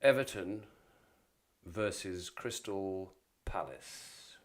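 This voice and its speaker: Man doing a formal fixtures-announcer voice, deep and deliberate. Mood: formal announcing. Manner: slow, deep, measured announcing.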